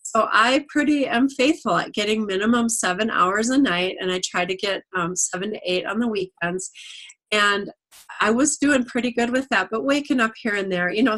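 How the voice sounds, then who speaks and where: A woman's voice: medium pitch, moderate pace. A middle-aged woman giving a casual testimonial on a video call, telling stories and acting out what people said. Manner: animated storyteller, acts out quotes. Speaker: product distributor.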